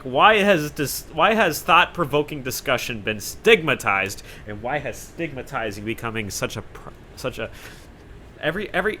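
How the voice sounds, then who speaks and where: Young guy ranting on his podcast, bright sharp voice, swears a lot, faint hiss behind. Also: medium pitch. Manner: sarcastic, profane, self-mocking. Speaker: podcast host. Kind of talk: rambling solo podcast monologue.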